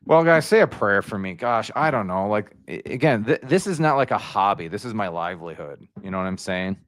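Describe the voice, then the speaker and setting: A man hosting a casual livestream, rambling and slangy, jumping up in pitch when he gets excited. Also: a little fast, dry recording, clean studio sound. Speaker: YouTube livestream host.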